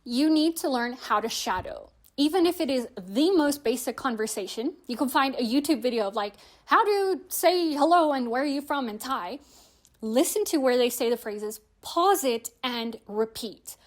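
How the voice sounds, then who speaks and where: A woman's voice: high voice, animated, moderate pace. A young woman hosting a language-learning video, explaining tips in a chatty, friendly way with frequent "like" fillers. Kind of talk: casual explanatory vlog.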